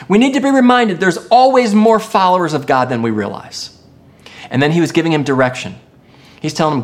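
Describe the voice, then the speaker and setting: A pastor preaching a sermon in an expressive way, moving between emphatic lines and hushed ones. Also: medium pitch, a little fast.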